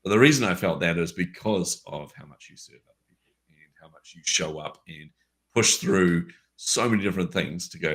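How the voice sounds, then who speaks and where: Deep-voiced man telling earnest stories. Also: fairly quick, fairly bright tone. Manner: earnest storyteller, many fillers and restarts. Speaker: podcast co-host. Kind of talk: unscripted conversation on a call.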